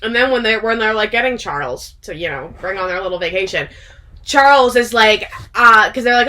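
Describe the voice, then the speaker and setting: A woman's voice: on the high side, normal speed, bright, forceful tone. A woman vlogger retelling a story to a friend in casual chat, rambling with lots of "like" and breaking into laughter. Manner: rambling, heavy use of "like", bursts of laughter.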